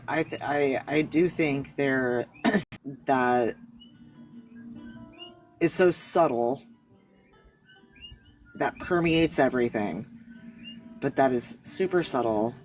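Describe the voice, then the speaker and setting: Slow-talking earnest man. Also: mid-range voice, low-quality recording. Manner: earnest, rambling, self-correcting. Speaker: guest. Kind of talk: casual discussion.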